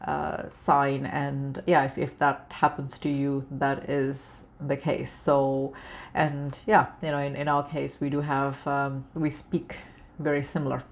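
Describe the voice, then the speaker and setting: A woman's voice: rumbling low, level tone, measured pace, gravelly. A woman hosting a spiritual advice video, talking casually to her viewers with lots of fillers and restarts. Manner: rambling, many fillers and restarts. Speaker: spiritual channel host.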